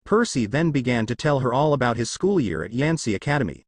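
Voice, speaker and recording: Male narrator reading fan fiction aloud, lively pitch, plain delivery, dry close-mic sound. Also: fast talker, husky, no echo.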